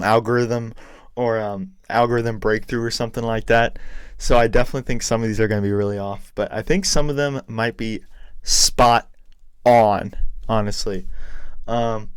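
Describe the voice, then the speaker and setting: A man's voice: medium pitch, clean tone, no room sound. A man hosting a podcast alone, talking in a chatty, hesitant, self-deprecating way while losing his voice. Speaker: podcast host. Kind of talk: casual solo podcast chat.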